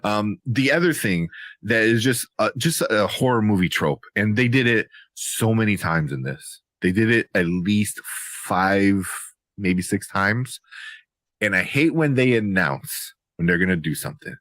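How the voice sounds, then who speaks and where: A man co-hosting a movie talk show, swinging his pitch widely as he riffs and laughs. He often slips into playful mock voices for characters. His voice sounds dry and close to the mic. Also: animated, unhurried, a bit bright, no echo. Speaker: podcast co-host. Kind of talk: casual movie review chat.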